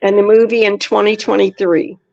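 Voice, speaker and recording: A woman's voice: medium pitch, level tone, brisk, vocal fry, a little mellow, no echo. A woman co-hosting a casual livestream chat, giving brief, easygoing replies. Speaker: co-host. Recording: dull lo-fi audio.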